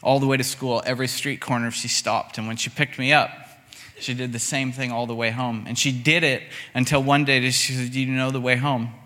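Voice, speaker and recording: A man's voice: mid-range voice, brisk. A man preaching a sermon in a conversational, storytelling way, voicing the people in his stories. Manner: conversational storytelling with lively voiced quotes. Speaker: pastor. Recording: long hall reverb.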